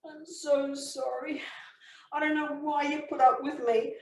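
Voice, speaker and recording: A woman voicing a violent husband who shouts, then pleads remorsefully, recorded in a roomy space from a distance. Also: sits high, little pitch movement, unhurried, pitched above the performer's own voice.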